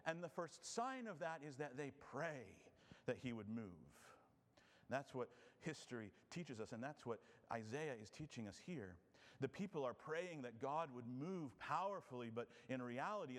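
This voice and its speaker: A man preaching an expository sermon, earnest and rhetorical, often dropping soft to stress a point. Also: mid-range voice. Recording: long hall reverb.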